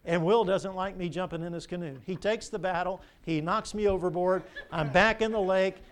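An older man, a pastor, preaching a sermon with animated storytelling and rhetorical questions. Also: high voice, normal speed.

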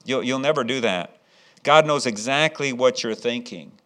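A man's voice: medium pitch, normal speed, sharp tone. A man preaching a sermon as pastor, with frequent restarts, rhetorical questions and rising emphasis.

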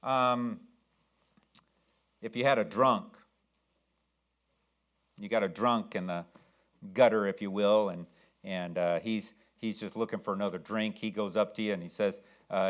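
A man preaching a sermon, swinging between loud exclamations and soft asides. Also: fairly low pitch, fairly even intonation, measured pace, long pauses.

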